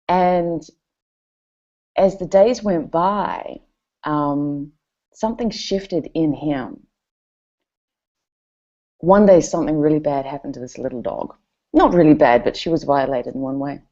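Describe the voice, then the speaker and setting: A middle-aged woman tells personal stories to an audience, animated and chatty. Her voice sits low and sounds warm and relaxed. The recording is dull and lo-fi. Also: measured pace. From New Zealand. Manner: animated, expressive, chatty with fillers. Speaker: event speaker. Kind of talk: personal storytelling talk.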